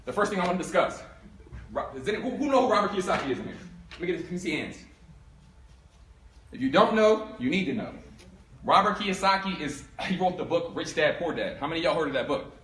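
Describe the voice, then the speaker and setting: Young guy from philly telling his story to a crowd, kinda high voice, lively, echoey room w faint hum. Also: a little fast. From Philadelphia. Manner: animated, acts out both sides of the story. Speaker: speaker giving a talk on income. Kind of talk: storytelling talk to a live audience. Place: room with an audience.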